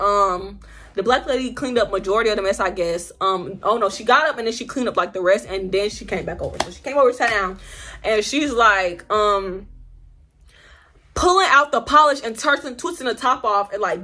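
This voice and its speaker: A young woman spins a storytime vlog with lively, slangy delivery and acts out the people in it. Her voice sits a little high, bright and forceful, with a husky edge. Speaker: vlogger.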